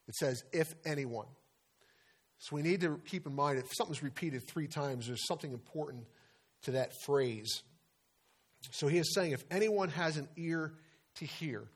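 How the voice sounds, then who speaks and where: A middle-aged man preaching a sermon as pastor, earnest and conversational, weaving in personal stories. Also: medium pitch.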